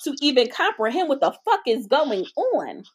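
A woman co-hosting a podcast, chatting casually in a profane, animated storytelling manner. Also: sits high, normal speed. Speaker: podcast co-host. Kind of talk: casual chat.

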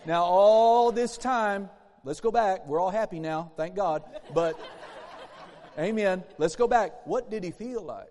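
A man's voice: high voice, takes it slowly, darkish tone, a little hiss or hum. A man preaching a sermon in a church, emphatic and repetitive, acting out bursts of laughter. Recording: long hall reverb in a church.

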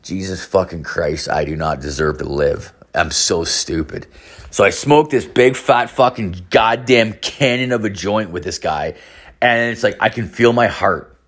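A man's voice: low voice, a little slow, a bit bright. A man in his thirties telling a rambling, profane comic story. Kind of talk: comedic personal storytelling.

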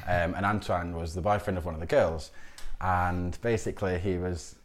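A man's voice: low-pitched, steady tone, moderate pace. A middle-aged man, a podcast guest, telling stories in a rambling way, often restarting and laughing. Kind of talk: casual interview storytelling.

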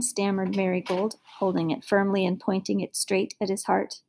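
A woman reading a fairy tale aloud as narrator, in an expressive storybook manner. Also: medium pitch, moderate pace, gravelly.

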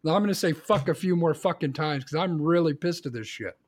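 A man co-hosting a casual talk podcast, swearing heavily and ranting hard. His voice sits a bit higher than most men's. The delivery is blunt and fired up. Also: a little fast. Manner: heavy swearing, ranting angrily. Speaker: podcast co-host. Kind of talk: casual chat.

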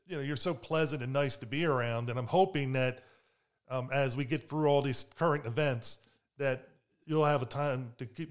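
Friendly man interviewing with smooth voice. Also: mid-range voice. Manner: friendly, hesitant fan talk with fillers. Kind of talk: casual interview chat.

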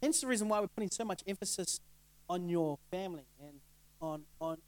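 A man's voice: high-pitched, expressive, brisk, no echo, poor audio. A middle-aged male pastor giving a casual sermon, conversational and laughing often, asking the crowd rhetorical questions. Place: church.

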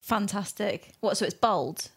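A woman's voice: mid-range voice, unhurried, slightly rough. A woman co-hosting a podcast in playful, giggly and stubborn casual chat. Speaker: podcast co-host.

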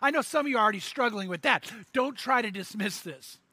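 High, bright-voiced pastor preaching. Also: male voice, animated, quick pace, breathy edge, dry recording. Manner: earnest, pleading, retells a skit with quoted voices. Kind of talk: sermon.

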